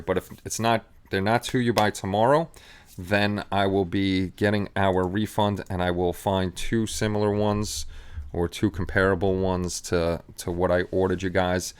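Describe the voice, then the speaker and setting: A man's voice: low voice, steady tone, moderate pace, clear, resonant tone. A man hosting a casual live stream, chatting loosely with many fillers and restarts. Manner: rambling, with frequent restarts and fillers.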